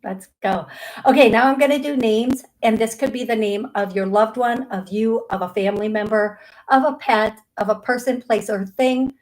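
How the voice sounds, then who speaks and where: Her voice a little high and darkish, a middle-aged woman hosts a live psychic medium call-in program at a moderate pace. She is chatty and casual, laughs easily, and restarts often with plenty of fillers. The recording is rough.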